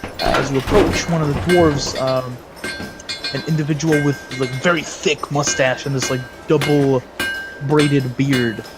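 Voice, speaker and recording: A man's voice: medium pitch, fairly even intonation, measured pace, over loud music, poor audio. A man narrating a tabletop game as game master, rambling with many fillers and restarts.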